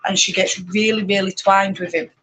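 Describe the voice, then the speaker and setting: A woman with a Yorkshire accent chatting casually and rambling on a live stream, talking loudly over her spinning wheel and laughing often. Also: medium pitch, flat delivery, moderate pace, slight background noise, low-quality recording. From Yorkshire, England. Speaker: spinning channel host.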